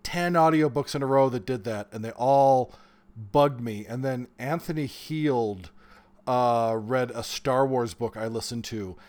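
A man in his forties, an author talking as a guest in a casual interview, animated and quick to laugh. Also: medium pitch. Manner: animated storyteller, bursts of laughter.

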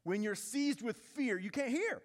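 High-voiced preaching pastor in a reverberant hall. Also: male voice, animated, unhurried. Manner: preaching with repetition and rising intensity. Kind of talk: sermon.

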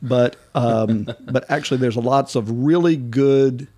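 A man's voice: medium pitch, slow pace, darkish tone, no room sound, dull audio. A man co-hosting a casual podcast, talking in a rambling way with lots of fillers and restarts. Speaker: podcast co-host.

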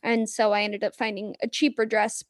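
A woman's voice: medium pitch, little pitch movement, normal speed, no room sound, studio quality. A woman hosting a podcast, chatting casually and upbeat, using lots of "like.". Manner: upbeat, conversational, many "like"s. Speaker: podcast host. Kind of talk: casual interview chat.

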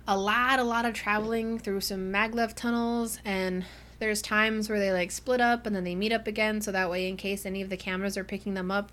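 A woman's voice: mid-range voice, fairly bright tone. A woman co-hosting a podcast, recapping a book in a chatty, rambling way with lots of fillers. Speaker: podcast co-host. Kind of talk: casual book discussion.

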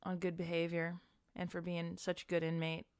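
A woman's voice: fairly low pitch, monotone, normal speed, smooth, dry recording, studio quality. Woman spinning a wild hypothetical. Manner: narrates a wild scenario, quoting characters. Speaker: host posing a hypothetical. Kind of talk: casual improvised storytelling.

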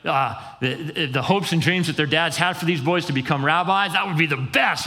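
A man preaches in an easy, conversational way, jumping up in pitch to act out quoted voices and dropping low for emphasis. His voice rings with a long hall reverb, as if in a church sanctuary. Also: moderate pace, few pauses. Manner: animated, conversational, acts out quotes with pitch jumps. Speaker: pastor. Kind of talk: sermon.

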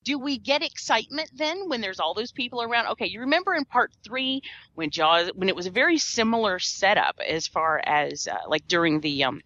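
A woman's voice: mid-range voice, sing-song, a little fast, pushed and bright. A woman co-hosting a casual movie review podcast, chatty, laughing often and trailing off with fillers. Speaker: podcast co-host. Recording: dull lo-fi podcast audio.

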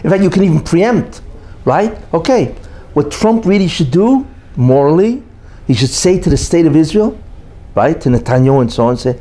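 A man's voice: a little high, very animated, normal speed, mellow. A man giving an opinionated monologue as a commentator, emphatic and full of rhetorical questions and repeated "you know".

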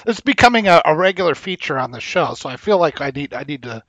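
A man's voice: a little high, big pitch swings, fast talker, fairly bright tone, no echo, highs cut off. A man co-hosting a podcast through a headset mic, blunt and complaining, talking casually with swearing. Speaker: podcast co-host. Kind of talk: casual chat.

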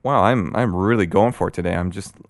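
A young man hosting a solo podcast, rambling and excitable with many fillers, and a bit out of breath. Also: deep voice, brisk, no echo, studio quality. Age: young adult. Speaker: podcast host.

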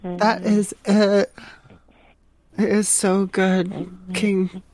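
A woman's voice: medium pitch, little pitch movement, drawn-out words, a little mellow. A woman hosting a comedy podcast, gushing and over-eager, often repeating herself. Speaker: podcast host. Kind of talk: prank interview, casual chat.

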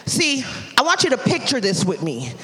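A woman pastor preaching a sermon, telling a story and building to loud calls toward the end. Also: a little high, wildly swooping pitch, moderate pace. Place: church sanctuary. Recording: live church hall with long reverb.

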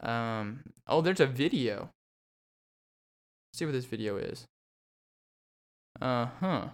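A young man talks alone into his podcast mic, loose and rambling, full of ums and restarts. His voice is smooth and clear, set in a middle pitch. He jokes his way through his segment. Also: lively intonation, slow pace. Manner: rambling and jokey, with many fillers and restarts. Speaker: podcast host. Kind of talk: solo podcast monologue.

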